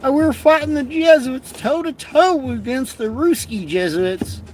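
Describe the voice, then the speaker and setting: A man putting on the high falsetto of a distraught, gushing woman believer. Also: expressive, unhurried. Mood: whiny pleading. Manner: shrill, pleading, high falsetto. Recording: distant from mic, faint music.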